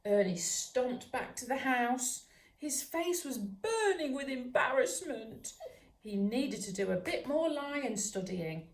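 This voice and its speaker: A woman, a children's author, reading a bedtime story at home in a gentle, soothing manner that sometimes drops to a whisper. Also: high-pitched, big pitch swings, slow. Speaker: children's author and dog trainer. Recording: roomy echo.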